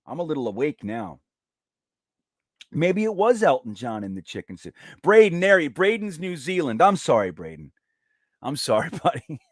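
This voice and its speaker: A man hosting a live watch party stream, chatting casually and reading viewer comments aloud in a rambling, animated way. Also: on the high side, no echo, clean studio sound.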